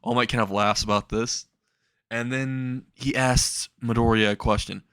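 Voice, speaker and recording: A man's voice: medium pitch, fairly even intonation, unhurried, fairly bright tone, smooth, no room sound. Man rambling through a fan story. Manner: rambling, restarts, chuckles. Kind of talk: casual fan story narration.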